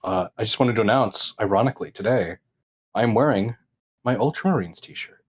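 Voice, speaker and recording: A man's voice: lowish voice, moderate pace, husky. A man playing in a tabletop game podcast, goofy and joking in casual chat. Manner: goofy, wildly swooping delivery. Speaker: player.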